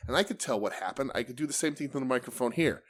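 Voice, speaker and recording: Profane, animated male podcast co-host. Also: medium pitch, rapid-fire. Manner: profane, animated, mimics promos. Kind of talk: casual wrestling chat.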